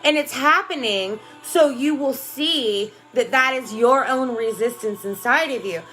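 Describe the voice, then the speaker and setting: With soft music in the background, a woman life coach speaks a little slowly in a fairly high voice with a sharp tone. Her casual motivational livestream is emphatic and rambling, peppered with "right?" and "you know," and she greets viewers by name.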